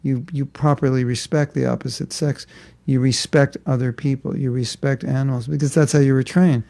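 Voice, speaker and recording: Creaky-voiced man teaching a spiritual class. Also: medium pitch, fairly even intonation, normal speed, mellow, no room sound. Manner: conversational, rhetorical questions and joking asides.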